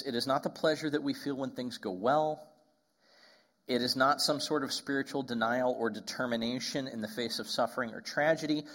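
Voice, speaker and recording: A man's voice: medium pitch, a bit bright. Conversational man preaching a sermon. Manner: conversational, with frequent asides and restarts. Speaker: pastor.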